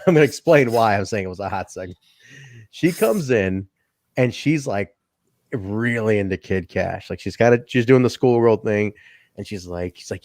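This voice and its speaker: A man chatting on a wrestling review podcast, his voice swinging up and down in pitch as he retells scenes and breaks into laughter. The sound is dry and close to the mic. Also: normal speed, no room sound. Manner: animated, laughing, acts out quotes. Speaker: podcast co-host. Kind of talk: casual wrestling podcast chat.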